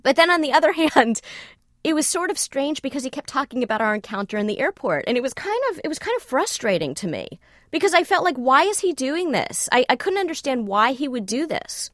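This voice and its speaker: A woman telling a personal story in conversation, animated and self-questioning, acting out the dialogue she quotes. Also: high voice, a little fast, dry recording, clean studio sound. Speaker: storyteller guest.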